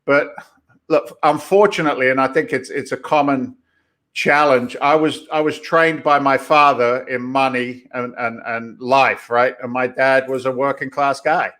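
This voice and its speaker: Bright-voiced man telling stories. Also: mid-range voice, measured pace. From England. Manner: storytelling, animated and jokey. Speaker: real estate investor guest. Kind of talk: casual podcast interview.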